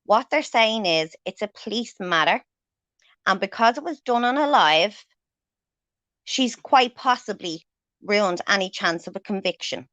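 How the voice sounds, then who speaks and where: A woman's voice: mid-range voice, lively intonation, unhurried, fairly bright tone, no room sound, dull audio. A woman hosting a livestream, ranting angrily and swearing heavily as she confronts someone. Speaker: livestream host. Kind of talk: angry livestream rant.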